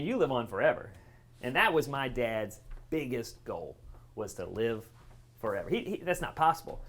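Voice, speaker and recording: A middle-aged man telling stories to a live audience at a care event, animated, jumping up in pitch when he quotes people. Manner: lively storyteller, voices quotes with big pitch jumps. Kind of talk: storytelling talk to a live audience. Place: event room near train tracks.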